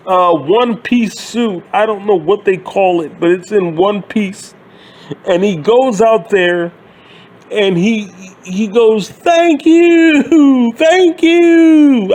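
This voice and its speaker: Man with a high voice, unhurried delivery, sarcastic and foul-mouthed, exasperated channel host. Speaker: wrestling commentary channel host. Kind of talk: profane wrestling rant.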